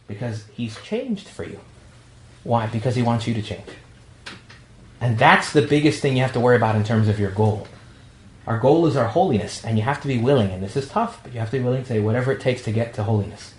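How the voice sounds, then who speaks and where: Joking New York priest in an echoey room. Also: male voice, mid-range voice, lively intonation, a little fast. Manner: storytelling, jokey, acts out quotes. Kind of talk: talk to a young adult group. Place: meeting room.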